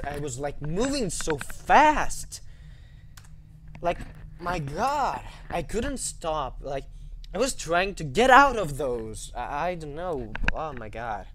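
A man's voice: fairly high pitch, very animated, takes it slowly, a bit bright, a little hiss or hum. A man hesitantly commenting on a horror game, with lots of fillers, yelping and swearing at the scares. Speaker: let's play gamer.

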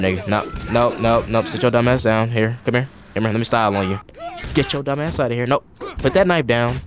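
A man giving casual, profane gameplay commentary, trash-talking enemies and rambling in asides with frequent restarts. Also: mid-range voice. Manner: profane, reactive trash talk at the game. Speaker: gaming channel host.

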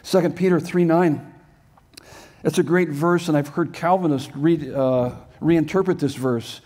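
A man's voice: a little high, unhurried, darkish tone. An older man preaching a sermon as a pastor in a church sanctuary, earnest and emphatic, with many rhetorical questions.

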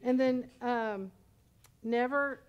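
A woman's voice: on the high side, very slow, muffled recording. A woman pastor in her sixties preaching a sermon in a conversational, storytelling way with humorous asides. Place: church service.

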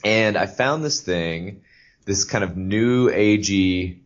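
A man co-hosting a casual podcast, talking in a halting way with many fillers and restarts. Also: fairly low pitch. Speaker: podcast co-host. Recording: dull lo-fi podcast audio.

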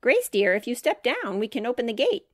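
A woman voicing a gentle, flustered middle-aged nun for a children's storybook, speaking softly and fretfully. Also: on the high side, big pitch swings, a little fast, no echo, clean studio sound, voice pushed up. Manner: soft, mild, a little fretful.

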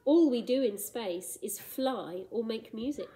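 Storybook read-aloud: a woman reading as a worn-out male space dragon, mournful and pleading, soft mellow tone. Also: a little high, lively intonation, measured pace, low-quality recording. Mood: wistful. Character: exhausted, defeated male space dragon monster.

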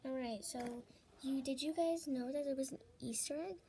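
A young woman commentates on a game into a tablet mic held close to her mouth, sinking to a whisper before bursting out loudly in fright. Her voice is high and her pace moderate, with a little background noise.

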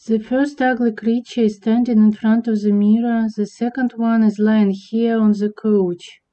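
Deadpan slow woman narrator. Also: on the high side. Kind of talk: scripted cartoon narration. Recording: dull lo-fi recording.

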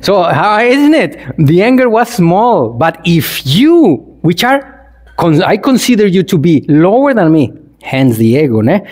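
A man's voice: sits high, very animated, measured pace, darkish tone. A man, a Buddhist monk, giving a playful dharma talk to a congregation, chuckling and asking the listeners questions in non-native English. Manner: playful, chuckles often and asks the audience questions.

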